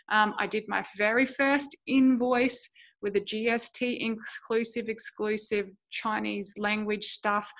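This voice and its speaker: A woman's voice: on the high side, fairly bright tone. Chatty woman telling her own story. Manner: candid, chatty, self-deprecating storytelling. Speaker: podcast host. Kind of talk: personal business podcast monologue. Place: home.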